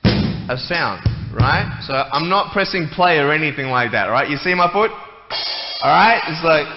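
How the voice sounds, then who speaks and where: A man's voice: a little high, lively intonation, measured pace, music in the background. A man giving a playful, joking talk to a church audience. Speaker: guest speaker. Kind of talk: humorous stage talk. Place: church hall. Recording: echoey hall, muffled, faint noise.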